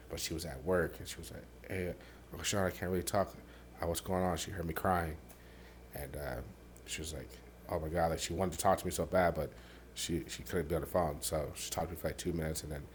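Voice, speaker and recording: A man hosting a podcast, telling his own painful story candidly, halting with many fillers and dropping quiet on the hardest parts. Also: a little hiss or hum. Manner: softens and drops low on painful parts. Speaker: podcast host.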